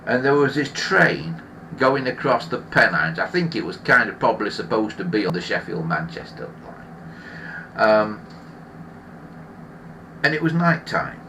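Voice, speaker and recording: A man's voice: lowish voice, very animated, a little slow, long pauses, bright, forceful tone, a little hiss or hum. A man hosting a live stream, ranting in an opinionated, grumbling way and often restarting his sentences. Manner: rambling with frequent restarts. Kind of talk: casual live-stream chat.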